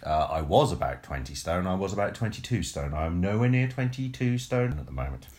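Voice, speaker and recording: A man's voice: sits low, animated, fairly quick, darkish tone. An English man co-hosting a podcast, chatting in a wry, self-mocking way. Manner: wry, self-mocking, mock-posh at times. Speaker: podcast co-host. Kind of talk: casual banter.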